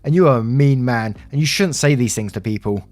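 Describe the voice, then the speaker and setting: A man voicing an earnest, gentle nine-year-old girl in a narrated story, over faint music. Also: medium pitch, fairly quick, no room sound, natural voice.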